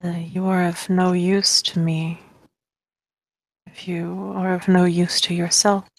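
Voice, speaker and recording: A woman voicing a creepy, calm silver-haired man in soft whispers, low and slow. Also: dry recording.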